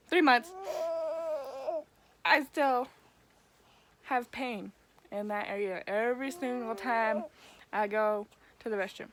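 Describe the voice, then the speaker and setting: A woman's voice: mid-range voice, slight background noise. A young woman talking to her camera in a candid personal vlog, frank, blunt and casual, with mild swearing. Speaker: vlogger.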